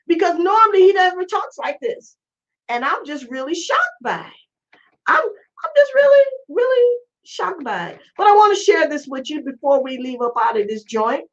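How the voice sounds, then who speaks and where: A woman hosting a casual talk show, asking rhetorical questions in loud, incredulous exclamations. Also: high voice. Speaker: host. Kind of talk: casual commentary. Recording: lo-fi muffled recording.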